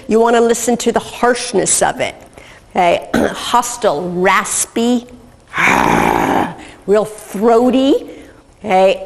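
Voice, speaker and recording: A woman's voice: medium pitch, in a large hall. A woman giving a recorded lecture as an instructor, methodical and often checking in with "okay".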